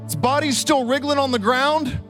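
A man in his thirties with a notably high voice delivers a sermon from a church stage. He tells his stories with animated, vivid energy. Soft music plays faintly behind him. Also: normal speed. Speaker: pastor. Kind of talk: storytelling sermon.

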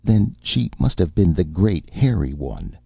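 A man voicing a fussy, apologetic male robot that talks quickly and eagerly in an audiobook reading. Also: sing-song, creaky, slightly rough, no room sound, full character voice. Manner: quick, eager, rising pitch. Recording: muffled lo-fi recording.

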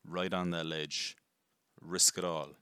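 A man giving a casual, rambling movie review, chatty and quick to swear. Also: low-pitched, level tone, pushed and bright, clear, resonant tone, no room sound. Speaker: film reviewer.

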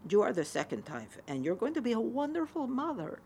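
Give me an actress doing a loving older mother, gentle and reassuring. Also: a little high, sing-song, a little fast, slight background noise. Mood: tender. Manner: gentle, soft-spoken reassurance. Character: loving Spanish mother, older woman, tender and wise.

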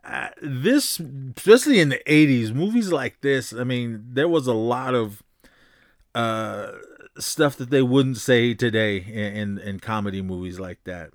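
A male podcast host retells a film scene by scene in a loose, rambling way. He stops often for fillers and corrections. His voice sits a bit low, and the room sounds dry and close. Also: dry recording. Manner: rambling, full of fillers, acts out quotes. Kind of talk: casual movie recap.

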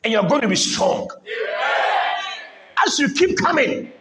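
A man's voice: extremely high pitch, sing-song, unhurried. A man preaching a sermon to a church congregation, calling out for responses and repeating his lines. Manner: repetitive call-and-response exhortation. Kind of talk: shouted sermon. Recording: loud crowd and noise in a live church.

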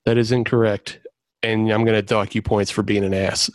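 A man's voice: lowish voice, little pitch movement, moderate pace, no echo. A man hosting a casual trivia game among friends, announcing the rules and giving rulings while laughing at the players. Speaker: quiz host.

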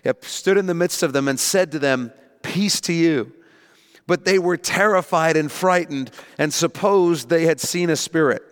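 A man preaching a sermon, telling the story with lively, animated delivery. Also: on the high side, normal speed, hardly any pauses, clear, resonant tone, big-room sound. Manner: animated storytelling, acting out panicked voices. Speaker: pastor.

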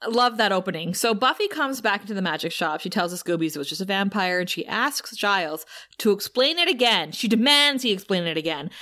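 A woman co-hosting a podcast, recapping a TV episode in a casual, lively way and laughing often. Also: medium pitch, brisk. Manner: lively, laughs often, quotes characters in playful voices. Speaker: podcast co-host.

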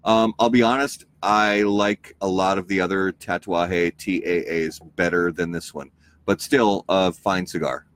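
A man with a very deep, low voice talks in an easygoing, rambling way. He co-hosts a casual podcast chat and fills his sentences with ums and uhs. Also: unhurried. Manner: relaxed, rambling, many fillers. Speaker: podcast co-host.

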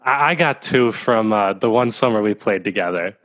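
A man casually interviewing a guest, relaxed and encouraging, chuckling along with the stories. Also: on the low side, moderate pace.

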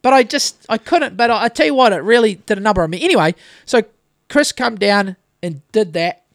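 Animated and brisk, with a high voice and some vocal fry, a thirty-something Kiwi podcast host rambles through a story in casual chat. He swears freely, and the studio-quality recording has no echo.

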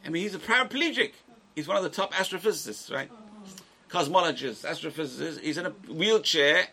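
Fast, gravelly older man teaching. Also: on the high side. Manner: animated storytelling with frequent restarts and asides. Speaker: religious class teacher. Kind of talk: lively lecture to a small group.

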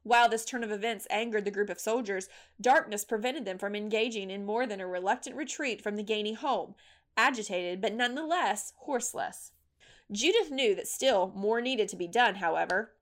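A woman reading a history story as scripted narration, measured and steady. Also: mid-range voice.

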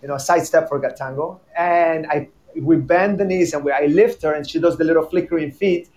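A man who teaches tango, telling stories in a casual chat, animated and laughing often, repeating his words. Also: a little high, brisk.

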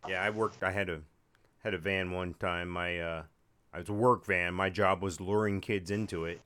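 A man's voice: sits low, fairly even intonation, moderate pace, fairly bright tone, clean tone. Man, podcast co-host, casual chat, wry jokes, rambling. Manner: joking, wry, rambling with restarts.

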